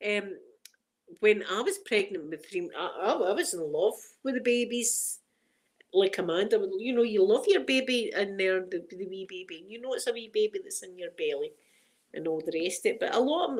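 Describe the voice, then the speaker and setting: A Scottish woman chatting casually while showing viewers around her home, rambling and laughing often, on a phone she carries around. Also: medium pitch. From Scotland. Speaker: ASMR channel host.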